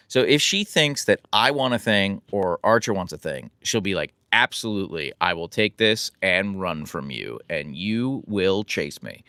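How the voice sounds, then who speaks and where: In a casual live chat, a relaxed man from the United States rambles and mocks himself while responding to viewers. His low voice is gravelly with fry and swings broadly in pitch, recorded up close, dry and free of echo.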